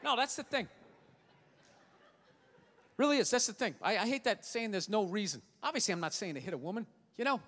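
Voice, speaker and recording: A man's voice: sits high, animated, a little fast, long pauses, a bit bright. A man performing a stand-up comedy routine, ranting with exasperated, profane frustration. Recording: live stage recording in a large hall.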